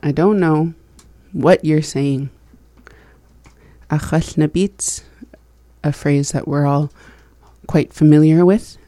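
A woman co-hosting a language lesson, calmly repeating phrases and giving their meaning. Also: low-pitched, slow, pauses often, no room sound. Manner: calm, repeats phrases softly and gives translations.

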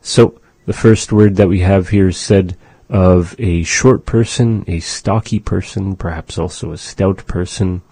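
A man hosting a radio language lesson, patiently repeating phrases slowly for learners. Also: sits low, steady tone, dark tone, slightly rough, dry recording. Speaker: language teacher on a radio show. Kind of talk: slow, repetitive language lesson.

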